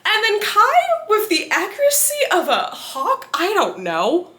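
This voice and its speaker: A young woman talking through a book's plot in a casual spoiler review. She is animated, laughs often and reacts with big exaggerated disbelief. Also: extremely high pitch, a little slow. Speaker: book vlogger.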